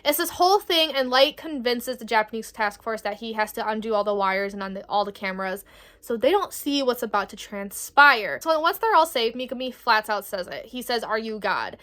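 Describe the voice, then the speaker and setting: A woman's voice: on the high side, lively intonation, brisk, a bit bright. A woman in her twenties giving a casual book review, rambling, swearing freely and reacting with animation. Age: 20s. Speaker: book vlogger.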